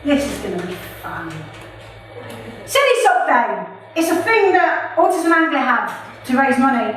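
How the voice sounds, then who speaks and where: A woman's voice: high voice, sing-song, measured pace, background noise. A woman performing her own poems live, chatty and playful between them. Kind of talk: live spoken-word poetry reading. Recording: echoey room from far off.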